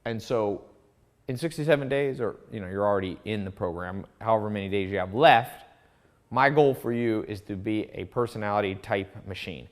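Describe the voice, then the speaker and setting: A man's voice: lowish voice, moderate pace. Man teaching in a loose, chatty way. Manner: storytelling, animated, with asides and restarts. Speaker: course instructor. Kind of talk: casual teaching monologue.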